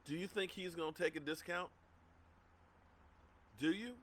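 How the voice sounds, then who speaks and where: A man's voice: fairly high pitch, fairly even intonation, fast talker, a bit bright, slight background noise. Worked-up man ranting on a livestream. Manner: worked-up, repeats himself. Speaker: sports livestream host. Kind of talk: heated rant.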